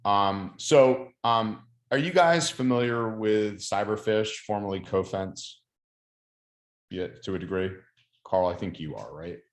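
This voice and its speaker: A low-voiced man with a Long Island New York accent hosts a partner call over video. He talks in a friendly, chatty way, often stopping on ums and uhs. The sound has an echoey, roomy ring. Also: a little slow. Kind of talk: casual video call chat.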